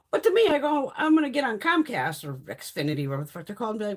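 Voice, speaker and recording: Husky lady on a home livestream, swears a lot, voice bounces all over. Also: medium pitch, wildly swooping pitch, a little fast, long pauses. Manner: blunt, profane, chatty. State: sick. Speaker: beauty livestream host. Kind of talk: casual live-stream chat.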